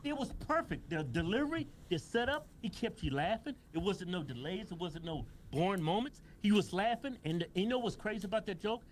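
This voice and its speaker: Excitable high-voiced man bantering. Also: fairly quick, few pauses, slight background noise. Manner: excitable, emphatic, laughs loudly. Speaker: co-host. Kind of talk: casual banter.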